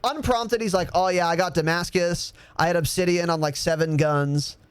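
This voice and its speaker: A young man in his twenties hosting a podcast, telling a story in a loose, animated way, swearing and laughing as he goes. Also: high-pitched, normal speed, clear, resonant tone, dry recording. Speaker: podcast host. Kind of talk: casual storytelling.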